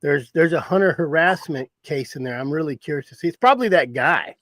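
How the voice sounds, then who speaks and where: A middle-aged hunting guide tells a story in a loose, folksy ramble and chuckles at his own tale. His voice sits a little high. The sound is dry and close, with no room around it. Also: animated, brisk, a bit bright, no room sound. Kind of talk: casual storytelling.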